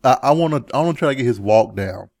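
Male co-host, lively casual movie chat, dry close sound, chuckles a lot. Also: fast, creaky, no echo. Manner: animated, chuckling, jumps into high mimicking yells. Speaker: podcast co-host.

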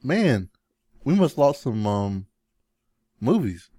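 A man co-hosting a casual podcast chat about movies, animated and chuckling often. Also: slow, husky, no echo, clean studio sound. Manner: animated, chuckling, jumps into high mimicking yells. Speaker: podcast co-host.

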